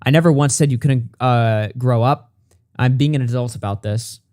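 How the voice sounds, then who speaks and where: Guy reading texts out loud n swearing at them, dry close mic, mid pitch. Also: no room sound. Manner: blunt, profane, reads texts quickly. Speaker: commentary channel host. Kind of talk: reading messages aloud with commentary.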